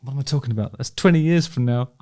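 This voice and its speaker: A warm-toned man with a mid-range voice comments on concert footage at a quick pace. His take is relaxed and full of opinions; he chats freely, swears often, keeps starting sentences again and joins in the laughter.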